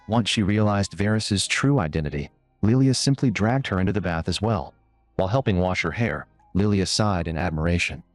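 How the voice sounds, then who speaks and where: A low-pitched man tells a fantasy comic story in a lively, varied reading. The sound is dry and close, with quiet music running underneath. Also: fairly quick, no room sound. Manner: even storytelling, lifts pitch for quoted girls. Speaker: narrator. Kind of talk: scripted manhwa recap narration.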